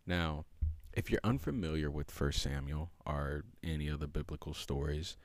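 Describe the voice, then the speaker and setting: This man has a very deep voice and speaks at a moderate pace in a recording with no room sound. Hosting a podcast solo, he delivers a casual, reflective monologue, loose in style and full of fillers and restarts.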